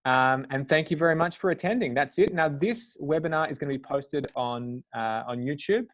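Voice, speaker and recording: A man's voice: fairly high pitch, moderate pace, a bit bright. A man hosting a live webinar over a video call, moderating questions in an upbeat, chatty way with fillers. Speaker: webinar host.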